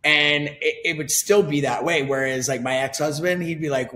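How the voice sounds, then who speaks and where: A man's voice: medium pitch, steady tone, moderate pace, hardly any pauses, bright, forceful tone. Man, forties, interview guest, candid, emphatic, profane, casual talk. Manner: candid and emphatic, swears freely. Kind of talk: casual conversation.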